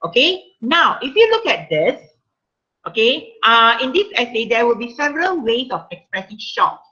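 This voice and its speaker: A woman teacher with a Malaysian English accent runs an online writing workshop. Her voice is bright and sits a little high. She keeps checking in with "okay" while reading example sentences, and the call audio sounds slightly muffled. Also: very animated, normal speed, slightly rough. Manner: frequent "okay" check-ins, reads example sentences aloud.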